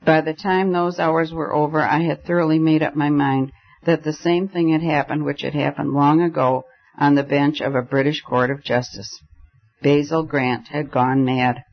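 Guy reading a story aloud, kinda high voice, muffled lo-fi recording. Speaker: audiobook narrator. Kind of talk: scripted narration.

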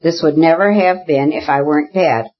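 A reader voicing Kitty, a proud young woman who speaks in impassioned, insistent bursts, with a husky voice. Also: medium pitch, moderate pace, lo-fi sound, close to an everyday voice. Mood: furious. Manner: impassioned, insistent, repeating herself. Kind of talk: audiobook character reading.

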